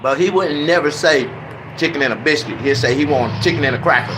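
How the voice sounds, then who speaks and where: Man, slightly high voice, crude slangy storytelling, animated delivery, faint background hiss. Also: a little fast. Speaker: comedic storyteller. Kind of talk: casual profane anecdote.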